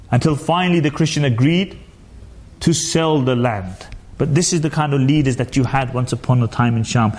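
A man's voice: medium pitch, darkish tone, a little hiss or hum. A man giving a sermon, asking the listeners rhetorical questions and weaving in Arabic phrases, stretching out his words for emphasis. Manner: drawn-out emphatic delivery. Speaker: preacher.

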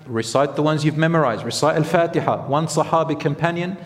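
A man's voice: a little high, a little fast. A man preaching a sermon in a conversational, storytelling way, mixing Arabic phrases into his talk. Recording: echoey hall reverb.

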